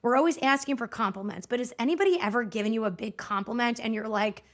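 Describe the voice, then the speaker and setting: She's a fast talker: a high-pitched woman in her thirties hosting a solo podcast talk, speaking to listeners directly in an animated, chatty, encouraging way.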